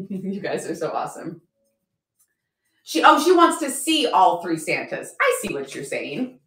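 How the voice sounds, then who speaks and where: A woman selling at a live-stream auction, bubbly and excitable, often apologizing and thanking her viewers. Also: medium pitch, measured pace. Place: home room with a chalkboard. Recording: echoey room.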